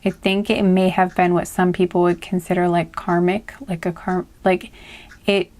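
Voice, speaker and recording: Woman, tarot reader, casual spoken reading, hesitant, low voice, flat delivery. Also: moderate pace. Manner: soft, hesitant, many fillers and restarts.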